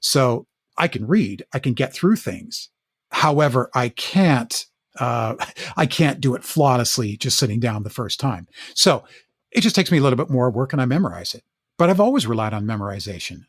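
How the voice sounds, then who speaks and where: Middle-aged male actor from Northern California, husky, mid-pitched, earnest and halting, dry close mic. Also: sing-song, no echo. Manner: earnest, halting, with frequent word repeats and restarts. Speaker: actor and podcast guest. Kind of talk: candid storytelling interview.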